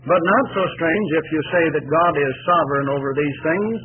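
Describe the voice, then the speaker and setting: A man preaching a sermon in a measured, emphatic way, asking the congregation rhetorical questions. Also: a little high. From United States. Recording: tinny lo-fi radio broadcast with faint hiss.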